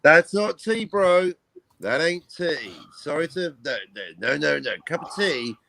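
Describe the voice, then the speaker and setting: A man's voice: on the high side, lively intonation, a little slow, vocal fry, sharp tone, no room sound. An English man chatting casually as a guest on a morning stream, teasing and bantering. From England. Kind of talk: casual chat.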